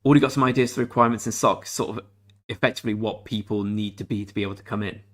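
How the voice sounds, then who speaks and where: Laid-back English man, lowish voice. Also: fairly even intonation, rapid-fire. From England. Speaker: game streamer. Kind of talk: casual livestream chat with viewers.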